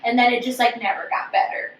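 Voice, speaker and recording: A woman co-hosting a casual chat podcast who talks in an animated way, acting out quotes with lots of "like". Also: a little high, fast talker, roomy sound, recorded from a distance, slight background noise, low-quality recording. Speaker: podcast co-host.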